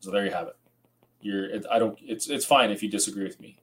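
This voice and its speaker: A tired, yawning man hosts a rambling late-night livestream, reading viewer comments aloud and chatting casually. His voice is on the low side with a fairly bright tone, and he talks fast; the audio is poor with slight background noise.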